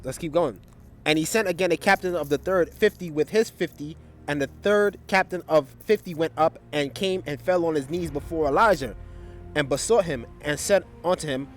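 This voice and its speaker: Dude breaking down bible stories, kinda high voice, keeps tagging stuff on, faint music behind. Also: male voice, expressive, normal speed. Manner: loose and conversational, full of filler tags and restarts, reads scripture aloud. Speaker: Bible teacher. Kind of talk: casual Bible study talk.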